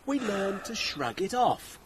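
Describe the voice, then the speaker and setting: A man playing a smug, superior gentleman in a radio drama, lofty and patronising. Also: high-pitched, sing-song, takes it slowly, a little hiss or hum, exaggerated voice.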